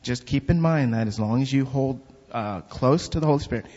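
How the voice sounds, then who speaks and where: In a large, echoing hall, a husky man shares his church testimony, animatedly doing the voices of each character in his story. His voice is mid-range and he talks fairly quickly, while the recording sounds dull and lo-fi with a long reverb.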